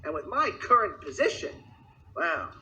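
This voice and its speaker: A man's voice: on the high side, sing-song, moderate pace, bright, forceful tone, heavily acted, low-quality recording. A man voicing a resentful, long-serving railway employee, mock-polite and bitter.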